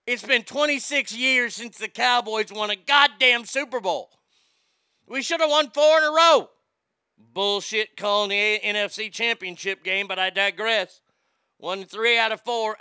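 A man hosting a casual morning live stream, reading out chat messages with loud, animated swearing. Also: sits high, a little slow, clear, resonant tone, no echo, clean studio sound.

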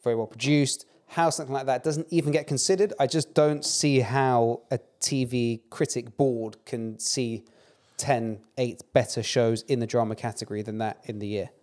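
A man's voice: mid-range voice, fairly even intonation, darkish tone. A young man, chatting on a podcast as co-host, swearing and hammering his points home with repetition. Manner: very fast, emphatic, swearing, repeats points. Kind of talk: casual podcast chat.

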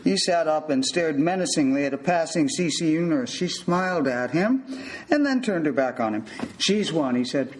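An older man, a physician, telling a personal story from his hospital days in a measured, wry way. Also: on the high side, lively intonation, a little hiss or hum, rough recording.

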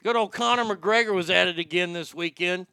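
A man's voice: high-pitched, brisk, gravelly, bright, forceful tone, smooth, no room sound. A man hosting a talk show, ranting sarcastically with plenty of profanity. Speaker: podcast host. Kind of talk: opinionated talk show rant.

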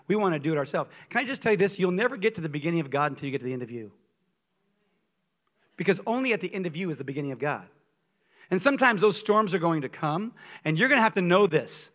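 High, bright-voiced preacher man. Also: fast talker. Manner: animated storytelling, humorous and emphatic. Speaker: guest preacher. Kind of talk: sermon.

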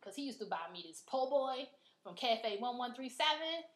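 Her voice sits a little high and moves at a normal pace. This podcast host shares a personal story in relaxed conversation, blunt, lively and full of profanity, with a roomy echo around her.

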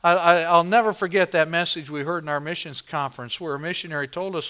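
A man's voice: fairly high pitch, fairly even intonation, fast, hardly any pauses, pushed and bright, smooth. A male pastor preaching a sermon at a church service, emphatic and driving home points by repeating phrases.

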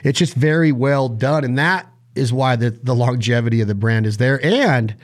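A man hosting a casual interview, asking questions eagerly in quick bursts. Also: medium pitch. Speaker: podcast host.

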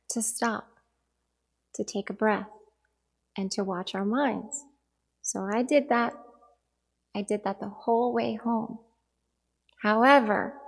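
A woman's voice: on the high side, breathy edge. A woman in her forties giving a reflective dharma talk, telling a personal story in an earnest, storytelling manner.

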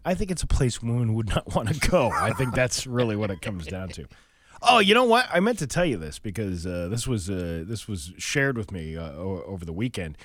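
Male morning radio co-host, lively rising and falling voice, quick to laugh, dry booth sound. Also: fairly low pitch, no echo. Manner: animated, laughs easily, jumps between topics. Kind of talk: casual morning radio banter. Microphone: studio microphone.

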